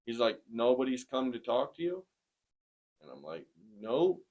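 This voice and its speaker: A man in his forties giving a personal testimony in conversation, plainspoken and earnest, with many pauses. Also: mid-range voice, sing-song, a little mellow, dull audio. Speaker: interviewee sharing a testimony.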